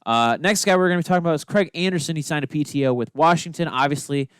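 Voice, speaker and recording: A man's voice: on the high side, rapid-fire, fairly bright tone, clean tone, no room sound, clean studio sound. A man co-hosting a casual hockey podcast, laid-back with teasing banter. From Minnesota. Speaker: podcast co-host. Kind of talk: casual sports chat.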